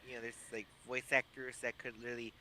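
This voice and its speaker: A man's voice: mid-range voice, monotone, fairly quick, pushed and bright, a little hiss or hum, rough recording. A man co-hosting a casual podcast chat, rambling and opinionated with lots of fillers. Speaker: podcast co-host.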